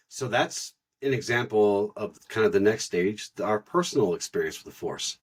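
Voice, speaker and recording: Male podcast co-host, middle-aged, husky voice, earnest spiritual teacher. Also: mid-range voice. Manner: earnest, explanatory, repeats words while thinking.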